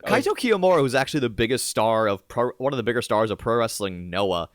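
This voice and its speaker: A man co-hosting a podcast, chatting casually with jokey, rambling asides and theatrical pauses. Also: mid-range voice, lively intonation, no echo, studio quality. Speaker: podcast co-host.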